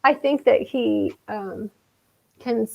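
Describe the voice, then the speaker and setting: A woman's voice: on the high side, slow, gravelly, lo-fi sound. A woman hosting an interview over a video call, affirming and eagerly prompting her guest. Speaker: host. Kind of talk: casual interview chat.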